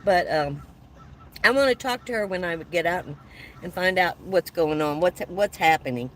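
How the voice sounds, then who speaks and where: A woman in her seventies hosts a casual livestream from her van, chatting and warmly thanking viewers as she reads their comments, with frequent laughs. Her lowish voice has lively intonation and a normal speed. The poor audio carries a little hiss or hum.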